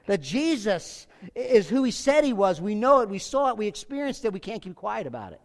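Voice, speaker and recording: A man preaching a sermon, emphatic and repetitive, swinging from forceful peaks to quiet asides, with casual fillers like "like" and "you know". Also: sits high, expressive, a little fast. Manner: emphatic, repeats phrases, rises to forceful peaks then drops quiet. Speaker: pastor.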